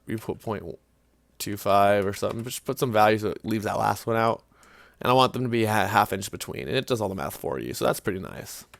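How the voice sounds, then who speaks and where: Low gravelly man walking through software. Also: dry recording. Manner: casual, thinking aloud with fillers and self-corrections. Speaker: CAD tutorial instructor. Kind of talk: screen-recorded software walkthrough.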